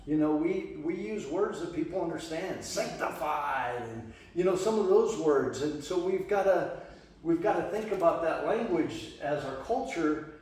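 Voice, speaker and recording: A man's voice: a little high, animated, unhurried, darkish tone. A man from the western US leading a church study group in a casual, rambling way, full of restarts and fillers. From Las Vegas, western US. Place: church meeting room. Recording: echoey room, distant mic, faint hum.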